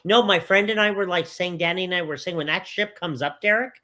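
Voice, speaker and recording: A man co-hosting a casual movie podcast, curious, asking questions and reacting quickly. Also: high voice, sharp tone. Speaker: podcast co-host. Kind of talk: casual movie review chat.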